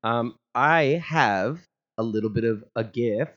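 A man riffs with dry, deadpan humor as a podcast co-host. His voice has an ordinary middle pitch and comes through a slightly dull, lo-fi microphone. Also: slow. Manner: dry, joking banter. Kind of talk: casual chat.

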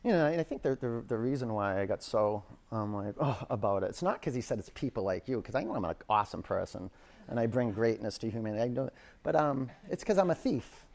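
A man's voice: medium pitch, expressive, fast, creaky, darkish tone. A man teaching a power yoga class in a studio, calling out counts and cues and telling rambling stories between poses.

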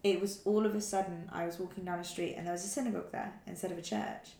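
A woman's voice: lowish voice, fairly even intonation, fast, gravelly, warm tone. A young woman from Wales telling personal stories in a casual chat, with lots of fillers and restarts. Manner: chatty storytelling, many fillers and restarts. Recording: echoey room.

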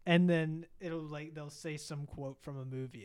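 A young man in casual podcast chat, rambling through a profane, animated story. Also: a little high, unhurried, clean tone.

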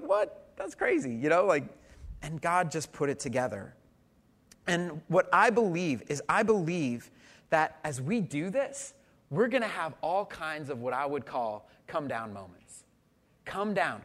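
A man's voice: fairly high pitch, fairly bright tone. A man preaching a conversational sermon, telling stories and asking the congregation questions. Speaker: pastor.

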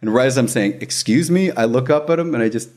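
Brief: male magician spinning a story in casual chat, lively, laughs a lot, does quick voices. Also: mid-range voice. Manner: animated, laughs often, acts out quoted voices.

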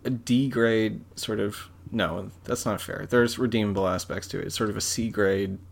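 A man's voice: lowish voice, fairly even intonation, normal speed, vocal fry. A man co-hosting a podcast in casual chat, with dry, teasing remarks. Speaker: podcast co-host.

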